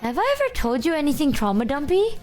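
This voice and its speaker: A woman's voice: high-pitched, sing-song, quick pace, darkish tone, faint music behind. A woman streaming, chatting casually in a breezy, matter-of-fact way with frequent giggles. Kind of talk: casual chat.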